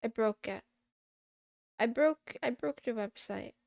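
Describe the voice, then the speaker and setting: Slow, gravelly-voiced woman streamer. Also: on the high side, a little mellow, dry recording, clean studio sound. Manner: mutters to herself, playful meows and silly sounds. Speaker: VTuber streamer. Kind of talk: casual livestream chatter while studying.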